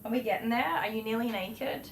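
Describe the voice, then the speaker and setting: Middle-aged Australian groomer, lively and laughing as she chats, a touch high, recorded in an echoey workroom. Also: fairly quick, creaky. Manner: animated, laughing, acts out voices in anecdotes. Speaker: dog groomer livestream host. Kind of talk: chatty livestream storytelling while working. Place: indoor grooming room. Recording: roomy echo, faint clipper noise. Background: electric clipper buzz.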